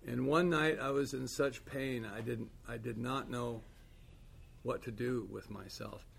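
A man's voice: mid-range voice, steady tone, measured pace, creaky, slightly rough. A man giving a candid, wry personal share at a recovery meeting, telling his story with dry humor.

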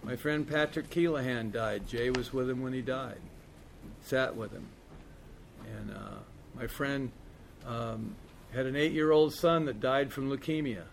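A man's voice: mid-range voice, slight background noise. A middle-aged man sharing a recovery story in a candid, rambling way, with lots of "man" and "you know". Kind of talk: storytelling talk.

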